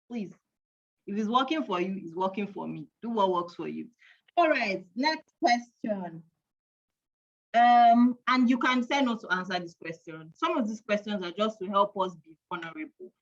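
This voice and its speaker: A woman, hosting an online parenting event in a playful, chatty way, counting aloud and teasing the audience. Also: mid-range voice. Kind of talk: lively live-stream quiz hosting. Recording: dull lo-fi online stream audio.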